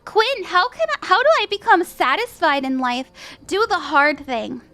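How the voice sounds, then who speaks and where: A woman's voice: extremely high pitch, expressive, moderate pace, pushed and bright, faint music behind. A woman hosting a livestream, giving casual tarot readings in an upbeat, chatty way, with frequent laughs and lots of "like" and "you know". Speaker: tarot reader and stream host.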